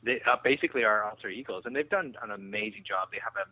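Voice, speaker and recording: A man hosting a podcast, asking halting questions full of fillers. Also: fairly low pitch. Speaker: podcast host. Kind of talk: casual podcast interview. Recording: dull, dry sound.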